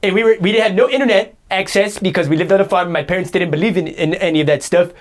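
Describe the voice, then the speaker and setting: A man's voice: high voice, fast, natural voice. A man playing a boastful, self-pitying guy who rambles indignant complaints in an improvised comedy sketch.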